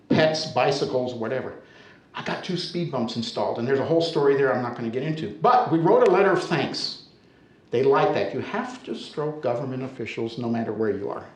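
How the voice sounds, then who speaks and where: An American man telling a humorous story live to an audience, in a conversational, animated way, often checking in with his listeners. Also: medium pitch. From United States. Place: storytelling center, indoor stage. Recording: roomy echo of a hall.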